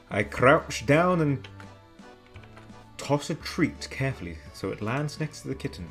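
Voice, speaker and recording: Animated young man narrating a game. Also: medium pitch. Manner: animated, laughs through slips. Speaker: streamer reading a game's story aloud. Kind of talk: playful dramatic narration.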